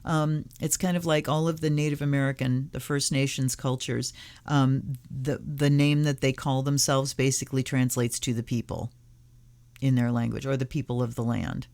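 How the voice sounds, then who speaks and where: A woman hosting her own tarot channel, casually reading aloud from a card deck and its guidebook, slowly and softly, half-whispering some card titles. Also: very deep voice, level tone.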